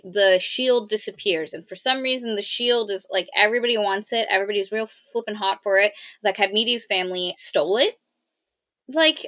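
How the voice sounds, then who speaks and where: A woman's voice: on the high side, bright, forceful tone. A woman of Cypriot family co-hosting a podcast, chatting casually and rambling with lots of fillers and restarts. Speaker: podcast co-host. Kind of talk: casual book review chat. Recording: muffled lo-fi mic.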